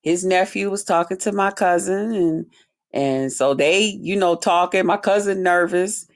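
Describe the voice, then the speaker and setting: A woman vlogger telling a personal story straight to her viewers in a blunt, profane, animated way. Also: lowish voice, unhurried. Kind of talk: casual storytime monologue to viewers.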